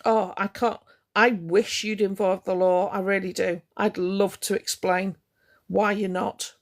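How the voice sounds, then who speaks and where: Gravelly woman on a heated live-stream rant. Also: mid-range voice. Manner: confrontational, indignant, repeats for emphasis.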